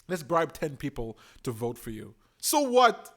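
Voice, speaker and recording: Excitable man streaming live commentary. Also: on the high side. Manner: opinionated, animated, talks to chat.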